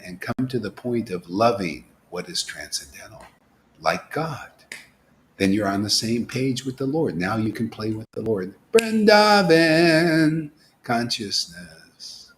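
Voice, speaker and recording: A man giving an informal devotional sermon, asking rhetorical questions, dropping to whispers and rising to loud exclamations, laughing now and then. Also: lowish voice, slight background noise. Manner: animated, preachy, swings from hushed whispers to loud exclamations; asks rhetorical questions, laughs at his own jokes. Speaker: spiritual teacher.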